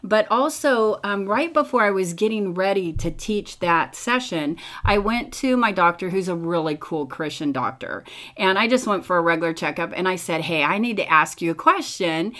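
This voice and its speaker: A middle-aged woman talks through a teaching podcast in a relaxed, conversational way. Her voice sits on the low side for a woman, and she fills pauses with ums and uhs as she tells personal stories. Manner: chatty storytelling with many fillers, acts out quotes. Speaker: podcast host and Bible teacher. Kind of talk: casual teaching talk.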